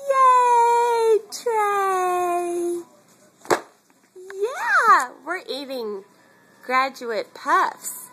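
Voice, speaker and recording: A woman's voice: high voice, a bit bright, a little hiss or hum. A woman cooing and encouraging a baby in a home video. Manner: cooing, encouraging, sing-song. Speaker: parent filming a baby.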